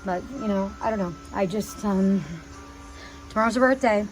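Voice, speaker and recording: Pleading woman, halting and agitated. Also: medium pitch, music in the background, rough recording. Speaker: vlogger addressing her father. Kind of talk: emotional personal video message.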